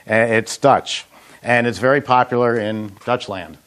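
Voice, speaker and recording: This mid-range, fairly bright voice belongs to a middle-aged man leading an ice cream machine company, who demonstrates frozen dessert recipes at a measured pace. Casual and folksy, he tells kitchen anecdotes with plenty of "uh" fillers.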